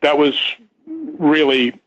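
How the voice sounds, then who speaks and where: A man's voice: fairly high pitch, huge pitch swings, slow pace. An older man, a guest on a radio talk show, telling a long story in a rambling way with many restarts and repeated words. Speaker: guest, stunt performer. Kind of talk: casual radio interview storytelling. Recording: dull lo-fi radio sound.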